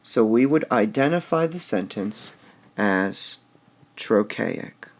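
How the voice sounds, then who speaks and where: Slow, gravelly man teaching a lesson. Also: lowish voice, lively intonation. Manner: slow, deliberate, stressing syllables aloud. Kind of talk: recorded lesson on poetic meter.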